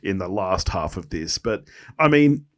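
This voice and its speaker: A man co-hosting a podcast in casual chat, animated and laughing often as he acts out lines. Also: sits low, unhurried. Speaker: podcast co-host. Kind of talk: casual chat recapping a sitcom episode.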